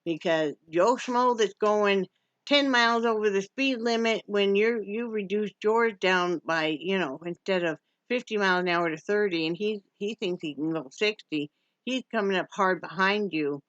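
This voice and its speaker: A woman's voice: mid-range voice, normal speed, no room sound. A woman from Wyoming in a casual home vlog, chatty and joking and cooing at her dog. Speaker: vlogger. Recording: dull lo-fi sound.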